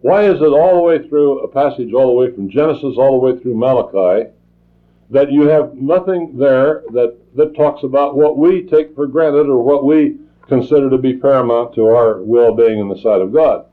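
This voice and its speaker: A man preaching a sermon, talking in a halting way with many restarts and fillers. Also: mid-range voice. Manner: halting, repeats words, frequent fillers. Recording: tinny phone-like old tape recording.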